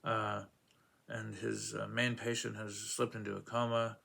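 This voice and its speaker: A man's voice: fairly low pitch, level tone, unhurried, vocal fry, a bit bright. A man casually reviewing comic books, rambling with many fillers and acting out quoted lines in a raised voice.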